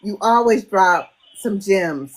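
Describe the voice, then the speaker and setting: Woman, podcast host, casual chat, slow delivery, earnest, grateful, close to tears. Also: medium pitch, animated, poor audio.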